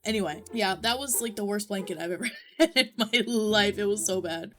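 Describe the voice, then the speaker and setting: A woman's voice: medium pitch, fairly quick, a bit bright. A young woman chatting casually and swearing as she reacts, filling her talk with "like". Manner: chatty, swears a lot, heavy use of "like". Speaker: VTuber reaction streamer.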